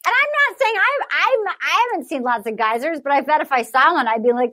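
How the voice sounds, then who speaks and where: A high-pitched woman talking fast and loose on a podcast, piling up filler words and swearing as she riffs. The sound is close and dry, with no room around it. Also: no room sound. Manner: animated, rambling, swearing, lots of "like". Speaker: podcast co-host. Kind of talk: casual chat, recapping a reality dating show.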